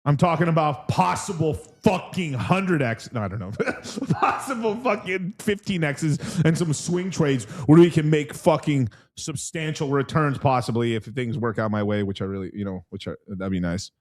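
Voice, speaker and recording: A young man with a slightly raised voice riffs on a livestream, rambling and heavily profane. He jumps from joke to hype with restless, excitable energy, talking like he's hanging out with friends. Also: on the high side, normal speed, hardly any pauses. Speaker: crypto stream host. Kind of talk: casual livestream chat.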